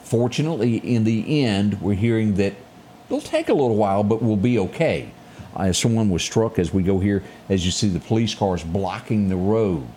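A man co-hosting a casual morning show and reading local headlines, animated and prone to singing snippets of lyrics. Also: lowish voice, moderate pace, slight background noise.

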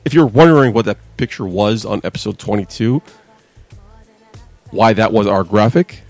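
A man's voice: fairly low pitch, expressive, moderate pace, a little mellow, no room sound, faint music behind. A man co-hosting a wrestling podcast in casual chat, telling loose, profane stories. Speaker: podcast co-host.

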